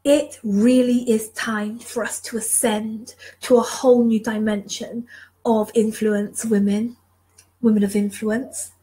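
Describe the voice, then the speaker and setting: A woman's voice: on the high side, flat delivery, a little slow, warm tone, rough recording. A woman leadership mentor giving an emotional, passionate motivational talk, repeating phrases for emphasis. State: emotional, moved. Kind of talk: motivational live talk to viewers.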